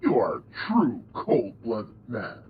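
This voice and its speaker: A man's voice: mid-range voice, wildly swooping pitch, takes it slowly, voice pushed down. A man voicing a big, menacing foreign officer with a put-on accent and broken grammar, on a dull lo-fi mic. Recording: dull lo-fi mic with faint room noise.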